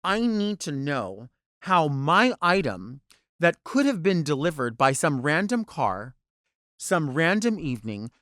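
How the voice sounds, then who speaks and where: A man's voice: on the high side, big pitch swings, measured pace, a bit bright, no room sound, studio quality. A man hosting a podcast, telling a long exasperated story and acting out both sides of it. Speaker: podcast host, drag performer. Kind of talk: animated storytelling rant.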